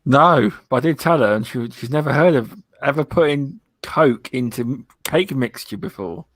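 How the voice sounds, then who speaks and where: A man hosting a relaxed gaming podcast. His voice is mid-pitched and comes through dry and close. He talks in an easygoing way, often saying the same thing twice. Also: moderate pace, no echo. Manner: easygoing, repeats himself. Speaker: podcast host. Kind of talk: casual podcast chat.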